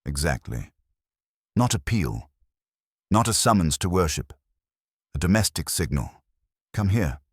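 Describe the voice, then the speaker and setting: A man with a very deep, husky voice playing a calm, incisive aristocratic detective who speaks with quiet precision. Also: unhurried, pauses often, no room sound, studio quality, heavily acted. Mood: measured.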